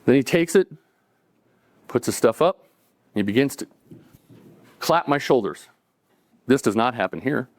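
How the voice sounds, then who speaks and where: A man's voice: mid-range voice, lively intonation, unhurried, pauses often. A man telling a true story to a live audience at a cafe event, in a conversational way that acts out the dialogue. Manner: conversational, acting out dialogue, chuckling between lines.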